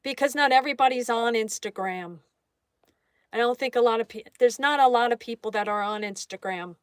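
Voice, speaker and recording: A woman hosts a relaxed livestream and talks easily while she draws, greeting viewers by name. Her voice sits a little high. The sound is close and dry, with no room echo. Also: brisk, clean tone. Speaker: livestream host. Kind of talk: casual chat reading viewer comments aloud.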